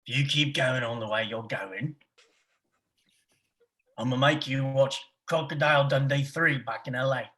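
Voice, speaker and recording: Guy doing a gruff crocodile crewman in a hammy dickensian australian accent, making threats, plain middle pitch. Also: moderate pace, long pauses, pushed and bright, natural voice. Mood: threatening. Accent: put-on Dickensian Australian. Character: male crocodile crew member, blustering threats.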